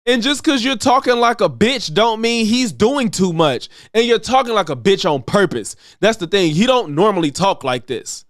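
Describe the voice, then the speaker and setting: A man's voice: high voice, expressive, moderate pace, few pauses, dry recording, studio quality. A man streaming blunt, profane reaction commentary on video clips, mocking the people in them.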